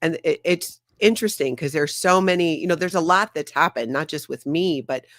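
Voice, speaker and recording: Excitable former radio woman, casual livestream chat, lively and projecting, dry close desk mic. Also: low voice, brisk, no room sound. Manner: excitable, animated, laughs often. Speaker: guest co-host. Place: home office.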